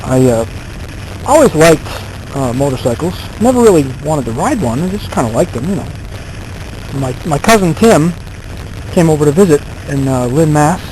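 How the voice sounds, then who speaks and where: A man in his thirties talks through a casual vlog story, wandering from point to point with lots of fillers. His voice sits a little on the high side. A faint hum of noise lies under it. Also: big pitch swings, moderate pace, darkish tone, rough recording. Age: 30s. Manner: rambling, self-deprecating, many fillers. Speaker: vlogger.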